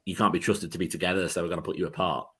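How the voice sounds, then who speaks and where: A man with a low voice recounts a long story in casual podcast chat. He rambles, stacking fillers and restarting his sentences. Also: fairly even intonation, rapid-fire, breathy edge. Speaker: football podcast co-host.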